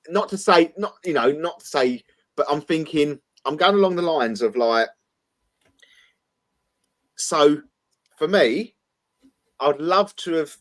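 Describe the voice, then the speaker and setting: A man co-hosting a casual talk show. He eagerly interprets a dream, stumbling over repeated words. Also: a little high. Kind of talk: casual chat.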